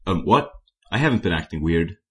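Tall male zombie smoker, deep voice, teasing and suggestive, a man reading it. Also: lively intonation, brisk. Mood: annoyed.

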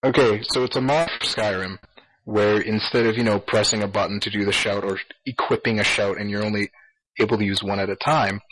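A man's voice: on the low side, fairly even intonation, brisk, fairly bright tone, poor audio. A man in casual gaming podcast chat, exasperated and swearing freely as he rants. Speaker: podcast co-host.

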